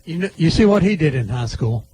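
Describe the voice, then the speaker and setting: A man's voice: on the high side, very animated, a little fast, mellow, slight background noise. A man hosting a local radio show, bantering casually with his co-host. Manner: joking, conversational banter.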